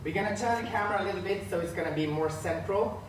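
A man's voice: sits high, quick pace, recorded from a distance, a little hiss or hum. Swedish man chatting on a roomy live stream. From northern Sweden. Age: 30s. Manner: chatty, greets chat viewers by name. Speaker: line dance instructor hosting a live stream. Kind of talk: casual live-stream chat greeting viewers. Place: room at home.

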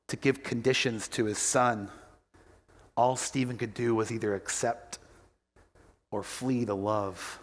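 A man's voice: mid-range voice, in a large hall. A male pastor giving a sermon and telling a story, acting out the quoted voices as he goes.

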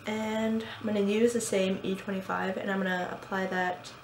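A woman's voice: medium pitch, little pitch movement, normal speed. Young woman w a little lisp from braces, chatty makeup tutorial, kinda echoey room. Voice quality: slight lisp. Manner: chatty, casual, with frequent fillers. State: talking with new braces. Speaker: beauty vlogger. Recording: echoey room, faint background hum.

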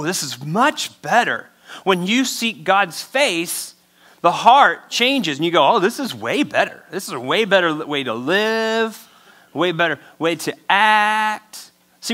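Male pastor, high bright tenor, conversational preaching with emphatic acted-out asides. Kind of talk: sermon.

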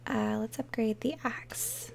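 A woman hosting a soft-spoken ASMR gaming chat, gentle and apologetic, often slipping into whispers. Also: on the high side, slow, creaky. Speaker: ASMR host.

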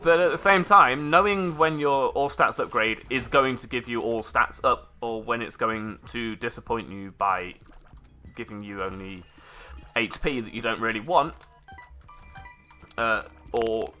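A man's voice: medium pitch, normal speed, pushed and bright, soft background music. A man giving rambling let's play commentary, correcting himself as he goes with dry little asides. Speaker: gameplay commentator.

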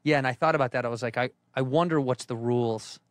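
A man's voice: medium pitch, dry recording, studio quality. A man from Chicago chatting casually on a podcast, rambling through a story about his family. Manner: fast, rambling, quotes family conversations. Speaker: podcast co-host. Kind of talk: casual chat.

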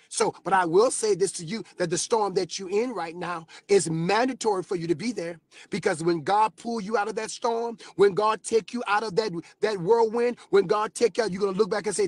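A man preaching with rising fervor, his voice pitched high with a husky edge. He builds from steady talk into shouted exclamations. The sound is dry and close, with no room around it. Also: fairly quick, no echo. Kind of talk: sermon. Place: sitting in his car.

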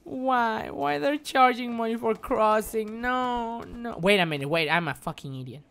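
A woman's voice: fairly high pitch, normal speed, fairly bright tone. A woman streaming a video game with live commentary, exasperated, swearing and repeating words in bursts.

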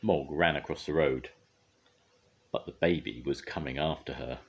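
Husky grandad reading a picture book. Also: male voice, extremely low pitch, normal speed. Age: older. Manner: lively and expressive. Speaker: grandfather storyteller.

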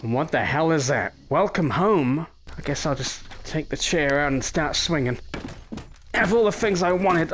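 A young man giving excitable gameplay commentary, full of swearing and mock threats. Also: fairly high pitch, moderate pace, slight background noise. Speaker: gaming YouTuber.

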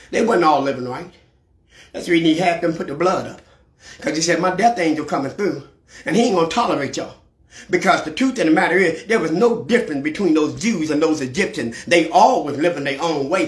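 Black church preacher man, AAVE, kinda high voice, gets loud and shouty, church echo on a livestream. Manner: preaching with sudden shouted climaxes. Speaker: pastor. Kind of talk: sermon. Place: church sanctuary.

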